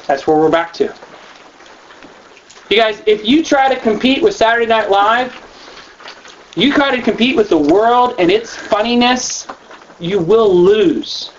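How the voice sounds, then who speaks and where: A man giving a training talk to youth leaders, animated and acting out the kids he quotes. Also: high-pitched, a little slow, long pauses. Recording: dull lo-fi room recording with faint noise.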